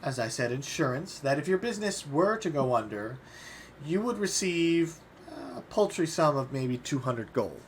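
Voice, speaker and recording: A man playing a large, shrewd male goliath businessman who speaks in a smooth, measured sales patter. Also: a little high, lively intonation, a little hiss or hum, lightly acted. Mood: smooth menace.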